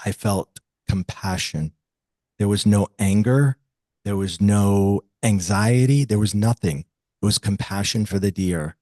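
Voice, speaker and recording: A man in his fifties, a metaphysical teacher, telling a personal story as an interview guest, reflective and lively when he quotes others. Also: on the low side, no echo.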